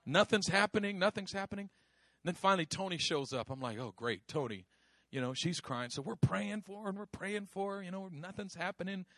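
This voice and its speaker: A middle-aged man preaching, telling a story with lively acted-out voices and frequent laughter. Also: high-pitched, fairly quick, no room sound. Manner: animated, acts out voices, laughs often. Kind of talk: sermon storytelling.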